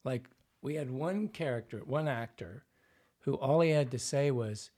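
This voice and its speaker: A man's voice: medium pitch, measured pace, dark tone. A man working as a dialect coach, explaining his method in an interview and demonstrating lines as he goes.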